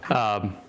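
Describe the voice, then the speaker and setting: A man's voice: high-pitched, fairly bright tone. A man narrating a tabletop game as game master, describing scenes and making friendly rulings.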